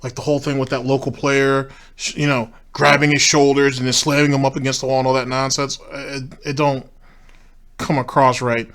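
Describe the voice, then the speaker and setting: A man's voice: medium pitch, little pitch movement, brisk, fairly bright tone. A man with a middle-range voice picks apart what he has just watched. His delivery is blunt and dismissive, loose and casual, with offhand swearing. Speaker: commentator reacting to a clip. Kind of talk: skeptical reaction commentary.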